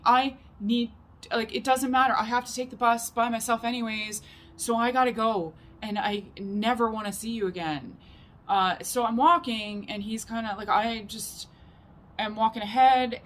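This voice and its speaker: A woman's voice: mid-range voice, fairly bright tone, a little hiss or hum. Rambling woman vlogger, emphatic. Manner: rambling and emphatic, heavy use of "like". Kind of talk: confessional storytelling to camera.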